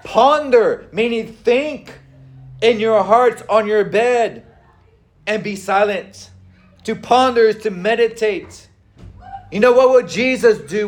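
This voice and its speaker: High-voiced man preaching a sermon. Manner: conversational preaching with frequent fillers and pauses. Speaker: pastor.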